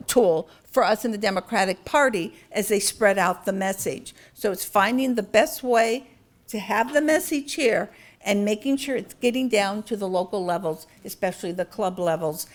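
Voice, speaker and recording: An older woman speaking as a guest to a club, earnest, candid and conversational. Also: mid-range voice. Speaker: guest speaker, party official. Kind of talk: talk to a club with audience questions.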